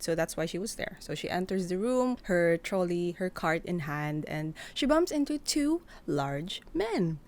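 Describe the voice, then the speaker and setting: A woman hosting a casual podcast, retelling a story in a chatty, animated way. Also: lowish voice. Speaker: podcast host.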